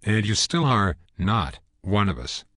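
A man's voice: lowish voice, big pitch swings, unhurried, a bit bright, dry recording. A man co-hosting a comedic sports show with a dry, mock-serious delivery. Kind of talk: jokey scripted banter.

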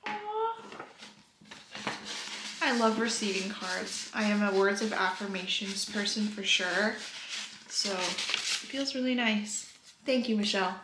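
A woman in her twenties chatting casually in a vlog, gushing and soft-spoken, sometimes dropping to a whisper. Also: medium pitch, fairly even intonation, measured pace. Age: 20s. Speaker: vlogger. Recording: echoey room with faint noise.

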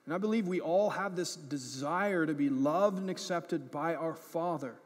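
Male pastor, high-pitched, chatty sermon delivery with frequent "right?" asides, recorded in a reverberant sanctuary. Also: moderate pace. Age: adult parent. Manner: conversational, often checking in with "right?" and "okay?"; self-deprecating, grows animated in funny moments. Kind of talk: sermon with personal storytelling. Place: church sanctuary. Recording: church hall reverb.

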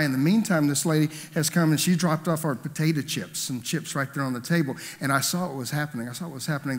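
A man, the pastor, preaching a conversational sermon, telling a story and asking the congregation questions. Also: on the high side. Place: church hall. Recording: long hall reverb.

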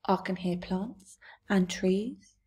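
A woman's voice: medium pitch, slow pace, darkish tone, breathy edge. A woman voicing a big friendly male giant who talks earnestly in broken grammar.

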